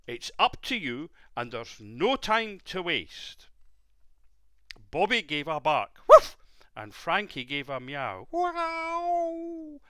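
Male storyteller for a child, slow and gentle, lively bright read. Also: mid-range voice, clear, resonant tone, no echo, clean studio sound. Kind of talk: bedtime story reading.

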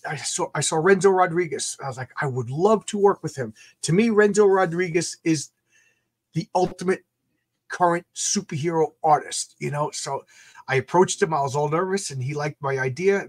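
Excitable, stammering man, higher voice, dry home-mic sound, live-stream guest. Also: no room sound. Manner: excitable, stammers and repeats words. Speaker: guest comic creator. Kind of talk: casual live-stream chat. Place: home comic book room.

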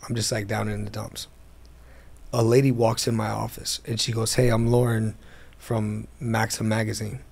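A man with a fairly low, creaky, husky voice speaks at normal speed while sharing his business story. The casual interview takes place in an airplane hangar, and he animatedly voices the people he mentions.

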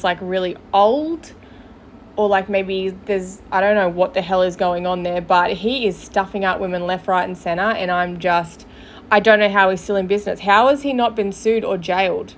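A podcast host with a medium-pitched voice responds to played clips, offering blunt, sarcastic remarks laced with profanity. Her speech carries a little background noise.

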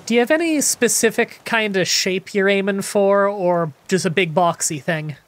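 A woman's voice: mid-range voice, normal speed. A Canadian woman from Ontario hosts a co-op game session in loose, chatty commentary. She jokes freely and drops casual swear words. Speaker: gaming channel host. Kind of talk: casual multiplayer gameplay commentary.

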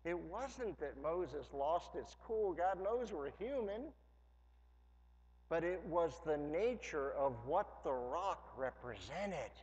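A pastor preaches in a church sanctuary, starting conversationally with humorous asides and building to emphatic preaching. His voice is a little high, expressive, slow, and darkish. The lo-fi church hall recording sounds dull, with long reverb.

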